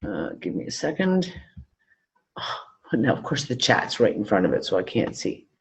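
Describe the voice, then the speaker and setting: A man's voice: on the low side, sing-song, normal speed. A man co-hosting a live online talk show, casual and loose, trailing off mid-thought and swearing freely. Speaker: podcast co-host. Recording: dull lo-fi call audio.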